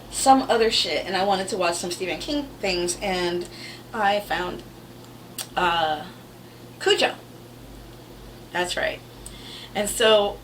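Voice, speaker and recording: A woman with a bright, forceful voice, telling her stories bluntly and with wry humor, cursing as she goes. She sounds a little distant from the mic, with faint noise behind her. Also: mid-range voice. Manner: blunt, swears freely, wry and animated. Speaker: vlogger telling family stories. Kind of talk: casual storytelling to camera.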